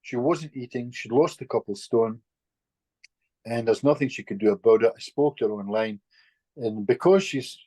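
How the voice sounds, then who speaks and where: Husky-voiced man telling a story. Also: mid-range voice, moderate pace, dry recording. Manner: lively anecdotal telling, frequent restarts and chuckles. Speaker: guest, healer. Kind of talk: casual storytelling in conversation.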